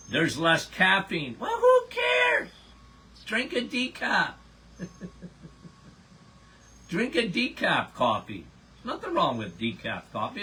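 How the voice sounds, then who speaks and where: Older male podcast host doing a casual Q&A, emphatic and blunt, with an unhurried delivery. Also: fairly high pitch, sharp tone. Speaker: podcast host answering listener questions. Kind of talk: casual health Q&A.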